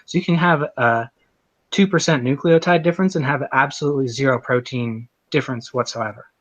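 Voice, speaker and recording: A man in a debate, explaining technical points in a steady, explanatory way. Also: mid-range voice, a little fast, no room sound, highs cut off. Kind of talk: debate argument.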